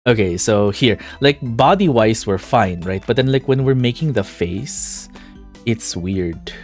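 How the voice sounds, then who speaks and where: Man, game streamer, casual chat, quick laughs, faint music behind. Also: fairly low pitch, lively intonation. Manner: chatty, laughing, self-deprecating. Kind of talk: casual gameplay commentary.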